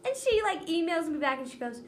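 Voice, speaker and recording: A high-pitched teenage girl talks casually with a friend, giggling often and filling her sentences with "like". A faint hiss sits under her voice. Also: big pitch swings, brisk. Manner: giggly, chatty, says "like" a lot. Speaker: student co-host. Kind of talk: casual chat.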